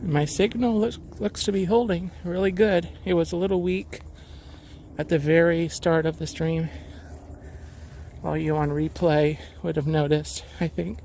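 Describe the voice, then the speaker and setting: A slow-talking man with a gravelly edge rambles casually as he walks a lakeside trail, a little out of breath. He is recorded outdoors on a carried mic, with faint outdoor noise behind him. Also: on the high side, steady tone, dark tone. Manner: rambling, easygoing commentary while walking. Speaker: vlogger. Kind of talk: live-streamed hiking chat. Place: outdoors on a hiking trail by a lake.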